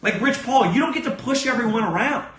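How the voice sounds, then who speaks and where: A man's voice: expressive, brisk, fairly bright tone, roomy sound. A man hosting a sports podcast alone, giving blunt, profane, emphatic opinions. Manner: acts out other people's lines in a lower voice. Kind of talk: solo opinion rant.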